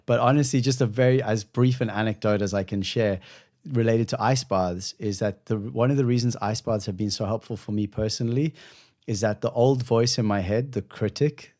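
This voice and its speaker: A man hosting a podcast, speaking in a heartfelt, effusive way and thanking his guest and listeners warmly. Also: on the low side, moderate pace. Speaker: podcast host. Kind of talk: conversational podcast talk.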